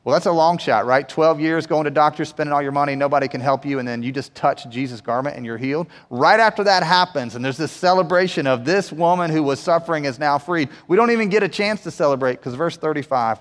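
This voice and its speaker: Conversational preacher man in a hall. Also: fairly high pitch. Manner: conversational, keeps asking the church "right?". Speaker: pastor. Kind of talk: sermon.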